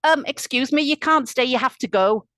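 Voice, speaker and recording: A woman voicing a tiny, bossy fairy man who snaps out orders in a shrill, commanding voice. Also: fast, darkish tone, no room sound, close to an everyday voice. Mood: annoyed, bossy.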